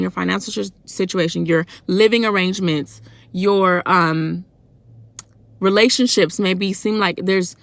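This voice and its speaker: Fervent, gravelly-voiced woman preaching in a vlog. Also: mid-range voice, fairly even intonation, measured pace, fairly bright tone, no room sound. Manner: fervent, preachy and colloquial, with emphatic rhetorical questions. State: loud and worked up. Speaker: faith vlogger. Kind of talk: devotional vlog talk.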